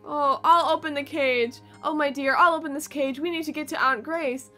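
A woman's voice: high-pitched, fairly even intonation, normal speed, pushed and bright, faint music behind. A woman voicing a frightened ten-year-old girl who speaks earnestly and rambles when she explains.

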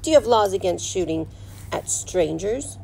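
A man's voice: sits high, expressive, vocal fry, mellow, slight background noise, rough recording. A woman doing a stiff, proper English butler. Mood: coolly polite. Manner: formal, polite, slow and measured. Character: dignified proper English butler, middle-aged man.

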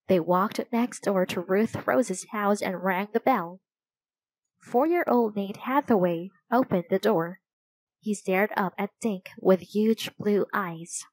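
A woman narrating a children's storybook aloud in a slow, clear, even reading voice. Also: mid-range voice, no room sound, rough recording.

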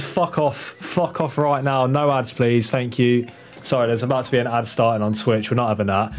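A man's voice: medium pitch, moderate pace, faint music behind. A man livestreaming a game speedrun, chatting to his viewers and urging his character on, swearing when tense. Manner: excitable, swears, talks to the game character and chat. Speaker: speedrun streamer. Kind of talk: live gameplay commentary.

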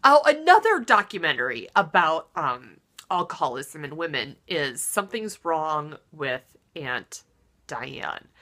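A woman hosting her own comedy show, delivering a self-deprecating monologue that swings between loud mock-dramatic outbursts and muttered asides. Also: low-pitched, big pitch swings, unhurried.

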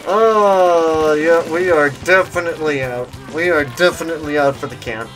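A young man giving goofy gameplay commentary, slipping into silly meme voices and shouts. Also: on the high side, moderate pace, faint music behind. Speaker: gaming YouTuber.

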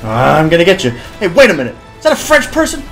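A man playing a video game and joking through his match, with loud, profane trash talk and mock-whiny theatrical bits. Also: fairly high pitch, huge pitch swings, quick pace, vocal fry. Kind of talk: comic gameplay commentary. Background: background music.

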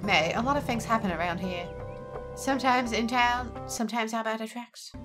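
A woman reading out a stern small-town police officer in a video game, with low, measured warnings. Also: music in the background, close to an everyday voice.

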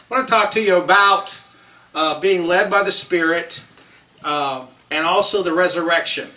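A man preaching a sermon in a slow, emphatic way, stretching out key phrases. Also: fairly high pitch, pushed and bright, echoey room, recorded from a distance, low-quality recording.

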